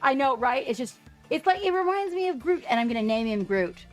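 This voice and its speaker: A chatty woman with a somewhat high voice talks excitedly through a casual livestream. She keeps breaking off to greet viewers by name. Soft music plays quietly underneath. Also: a little fast. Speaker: livestream host painting miniatures.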